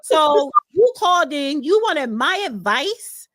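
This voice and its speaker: A woman's voice: high-pitched, big pitch swings, takes it slowly, fairly bright tone, no echo. A woman hosting an advice talk show, blunt and combative as she lectures a caller. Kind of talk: casual talk show chat.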